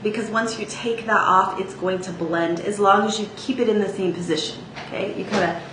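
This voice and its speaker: A woman's voice: medium pitch, fairly even intonation, brisk. A woman teaching a singing lesson, speaking casually with sung demonstrations and frequent "okay?" check-ins. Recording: echoey room with faint ambient noise.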